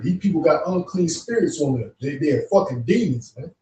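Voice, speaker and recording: A man with a somewhat high voice tears into a heated, profane religious rant as co-host. He sits some distance from the microphone in a strongly echoing room. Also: lively intonation, moderate pace, few pauses. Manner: profane, fiery ranting. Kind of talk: heated religious stream talk. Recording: echoey room, away from the mic.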